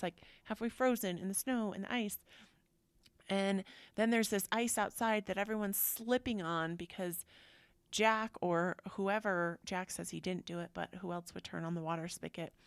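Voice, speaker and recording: A woman hosting a podcast, telling personal stories in a chatty, animated way and acting out what people said. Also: medium pitch, smooth, no room sound. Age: adult. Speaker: podcast host. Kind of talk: casual personal storytelling.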